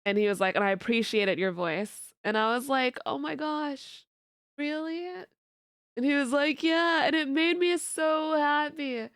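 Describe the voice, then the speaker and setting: A woman VTuber chatting casually to her stream, with a low, deep voice for a woman, giggling often and rambling through repeated restarts. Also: normal speed, hardly any pauses, a bit bright, clear, resonant tone, no room sound, studio quality. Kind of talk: casual livestream chat.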